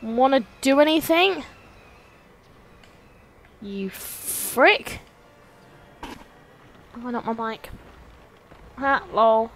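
A woman's voice: fairly high pitch, expressive, very slow, pauses often, a little hiss or hum. A young woman giving casual, sweary, joking commentary while playing a video game. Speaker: let's play host.

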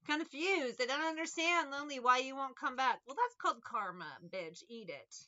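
A woman's voice: high-pitched, animated, moderate pace, bright, forceful tone, dull audio. A woman giving a casual tarot reading in a blunt, profane, mocking way. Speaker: tarot reader.

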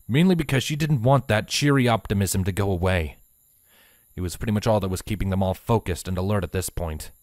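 A man reading a fanfiction story aloud in a slow, measured, expressive storybook narration. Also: sits low, no room sound. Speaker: fanfiction reader. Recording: dry close voice with faint music.

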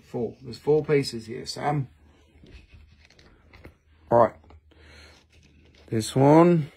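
A man's voice: medium pitch, fairly even intonation, takes it slowly, pauses often, warm tone, husky. A man hosting a live selling stream, bantering and joking with viewers.

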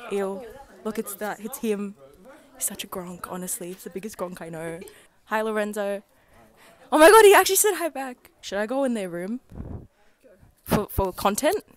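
A woman's voice: mid-range voice, lively intonation, moderate pace, pauses often. A teenage girl with an Australian accent, rambling and giggling as she vlogs her way around school grounds outdoors on a handheld phone. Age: teens. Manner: giggly, rambling, self-mocking. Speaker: student vlogger. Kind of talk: casual vlog.

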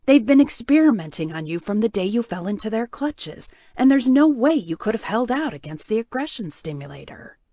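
A woman with a medium-pitched, dark-toned voice delivers an audiobook character: a stubborn, caring young woman tending a wounded patient. The reading is expressive, brisk and lightly acted, with few pauses, firm, reassuring and insistent. There's no room sound.

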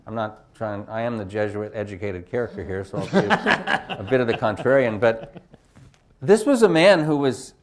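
Man, panel guest, low-ish pitch, reflective, hesitant fillers. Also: expressive, moderate pace. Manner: reflective, searching for words, many fillers. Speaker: film director on a panel. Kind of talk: panel discussion.

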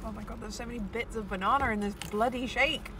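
A woman's voice: on the high side, fairly even intonation, fast. A woman chatting casually over food in a car, wry and blunt. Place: inside a parked car. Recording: car interior with clear background noise.

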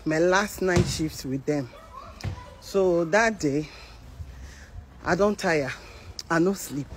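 A woman's voice: fairly low pitch, slow. A woman from Nigeria with a Nigerian Pidgin accent, telling a personal story in a casual monologue and acting out the voices of people in it. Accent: Nigerian Pidgin English. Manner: animated, mimics voices in the story. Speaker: care worker telling her story. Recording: outdoor traffic noise.

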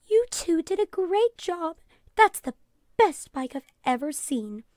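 A woman's voice: very high-pitched, big pitch swings, takes it slowly, a little mellow, no room sound, clean studio sound, pitched above the performer's own voice, heavily acted. A woman voicing a proud, smiling mother in a read-aloud storybook. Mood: delighted.

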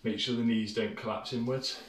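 A British fitness instructor leads a workout in a room at home, speaking casually and encouragingly with loose phrasing while slightly out of breath. His voice is medium in pitch with fairly even intonation at a normal speed. A far-off camera mic makes the home video sound roomy, distant and noisy.

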